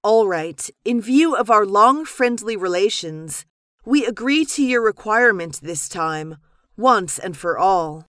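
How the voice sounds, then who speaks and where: Woman, lesson dialogue reader, measured and crisp, mid pitch, dry close recording. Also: dry recording. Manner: measured, even, clearly articulated reading. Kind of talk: scripted business dialogue reading.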